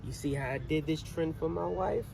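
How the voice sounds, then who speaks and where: A man outdoors showing off as a thoughtful husband with relaxed, dry humor. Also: a little high, normal speed, creaky, background noise. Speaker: husband in a social media clip.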